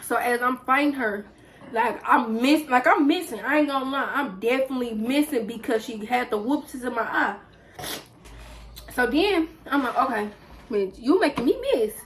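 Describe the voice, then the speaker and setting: A young woman vlogger, telling a story in a casual, animated way while eating on camera. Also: high voice, moderate pace, a little hiss or hum, low-quality recording. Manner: lively, animated retelling with acted quotes. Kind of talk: casual storytelling during a mukbang.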